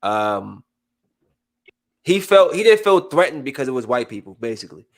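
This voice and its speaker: A man's voice: medium pitch, normal speed. A man hosting a podcast in casual chat, talking animatedly and acting out the people he quotes. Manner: animated, acts out quoted voices. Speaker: podcast host.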